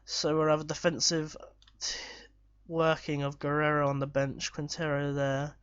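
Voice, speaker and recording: Excitable man yelling at a football game. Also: on the high side, moderate pace, clean tone, no echo, lo-fi sound. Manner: excitable, swears and shouts at missed chances. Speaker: gaming YouTuber. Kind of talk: live commentary over a football management game.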